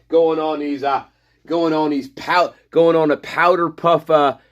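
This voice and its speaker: A man's voice: a little high, flat delivery, slow pace, no room sound, lo-fi sound. A man hosting a livestream, reading chat and ranting with scorn and heavy swearing. He laughs often and trails off into mutters. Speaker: livestream host.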